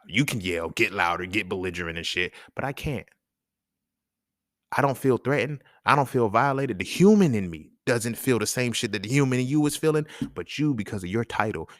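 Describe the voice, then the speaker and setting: A man hosting a solo talk episode, ranting in an animated, casual way full of slang and profanity. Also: lowish voice, dry recording, clean studio sound. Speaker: podcast host. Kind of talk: solo monologue rant.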